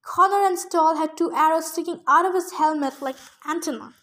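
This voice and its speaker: A woman reading a first-person novel aloud, expressive and changing her pace with the action. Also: extremely high pitch, a little fast. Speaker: audiobook reader.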